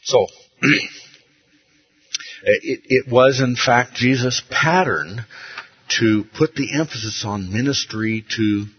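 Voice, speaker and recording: A man's voice: mid-range voice, slow, pauses often. A man teaching a Bible study, in a conversational way, with rhetorical questions and frequent checks of "okay?". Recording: muffled, roomy recording.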